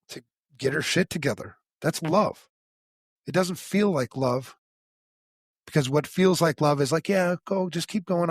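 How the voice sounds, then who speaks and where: A man's voice: fairly high pitch, no echo, clean studio sound. A middle-aged man co-hosting a podcast, telling a candid personal story in a blunt, profane, frank way. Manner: blunt and profane, frank about his struggles. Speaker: podcast co-host.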